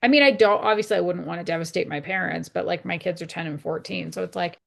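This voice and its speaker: Podcast co-host, woman from Canada, gravelly texture, chatty storyteller. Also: fairly low pitch, quick pace, a bit bright. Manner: chatty, laughs often, storytelling. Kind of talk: casual chat.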